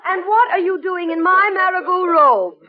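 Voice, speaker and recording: An actress playing a grand, theatrical stage star who calls everyone darling, in a 1950s radio sitcom. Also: female voice, very high-pitched, moderate pace, a crowd in the background, noisy background. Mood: indignant. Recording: lo-fi old radio with audience.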